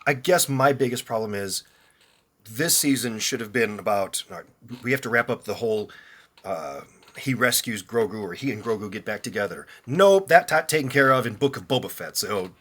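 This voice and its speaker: A man's voice: on the low side, lively intonation, moderate pace, a bit bright. A man co-hosting a casual movie review chat, agreeable and jokey. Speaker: co-host of a movie review show.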